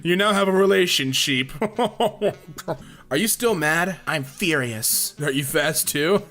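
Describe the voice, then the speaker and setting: Man reading meme jokes, crisp bright tone, deadpan delivery, light music bed. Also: mid-range voice. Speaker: narrator of meme compilation. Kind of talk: reading memes aloud. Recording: faint music behind.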